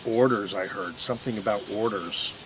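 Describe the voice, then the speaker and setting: A man's voice: fairly low pitch, normal speed, fairly bright tone, a little hiss or hum. A man hosting a paranormal investigation outdoors, talking casually to the viewers with rambling asides and restarts. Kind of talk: casual on-camera commentary. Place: outdoors in a historic park field.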